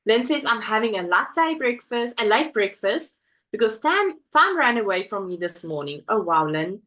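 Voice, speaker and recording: A woman's voice: a little high, sing-song, normal speed, sharp tone, rough recording. A woman hosting a casual crafting live stream from home, chatting and reading viewer comments aloud. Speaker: livestream host.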